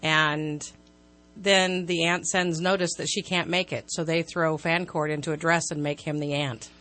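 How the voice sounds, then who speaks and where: A woman's voice: low-pitched, steady tone, normal speed, a bit bright. A woman who directs plays, a guest on a studio radio show, explaining things plainly. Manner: explains plainly, with fillers and laughs. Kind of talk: radio interview. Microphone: studio microphone.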